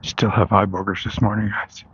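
Here a male vlogger, long into adulthood, talks a bit fast in a flat, lowish voice that's somewhat bright and slightly rough. Out walking on a street, he rambles, corrects himself and laughs wryly, all in lo-fi sound.

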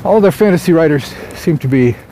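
A man's voice: a little high, lively intonation, a little fast, mellow, a little hiss or hum. A man vlogging casually outdoors as an author, musing aloud in a rambling way with lots of fillers and restarts. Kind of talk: casual morning vlog.

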